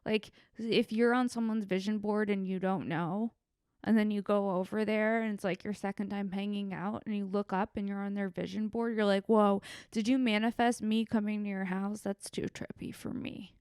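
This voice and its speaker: A woman hosting a solo podcast, telling rambling, profane, animated stories. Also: medium pitch, normal speed, smooth, no echo, clean studio sound. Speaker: podcast host. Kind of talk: solo comedic podcast monologue. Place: Los Angeles.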